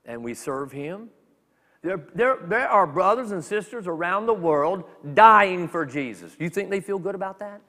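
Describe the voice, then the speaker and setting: A man preaching a sermon as a minister, talking in a conversational, animated way with quick acted asides. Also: high voice, long reverb tail. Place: church sanctuary.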